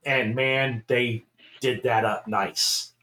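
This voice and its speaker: A middle-aged man co-hosting a casual show, telling a long story in an animated way, swearing and laughing as he goes. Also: medium pitch, slow. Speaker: podcast co-host.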